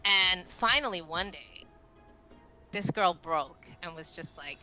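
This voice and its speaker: A woman in her thirties, a podcast guest telling stories in a rambling, animated way full of fillers. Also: fairly low pitch, slow, soft background music, poor audio. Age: 30s. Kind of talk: casual podcast chat.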